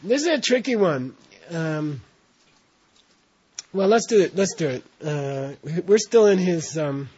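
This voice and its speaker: This is classroom instruction from a man who regularly checks in with his students as he explains things. His voice is high, darkish and husky, and the classroom recording sounds dull and lo-fi.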